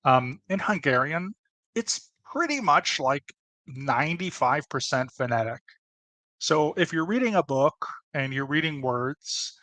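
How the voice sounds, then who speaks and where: A man's voice: on the high side, pushed and bright, dry recording. A man explaining in a casual, chatty way, with asides and restarts. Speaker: presenter. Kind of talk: casual educational talk.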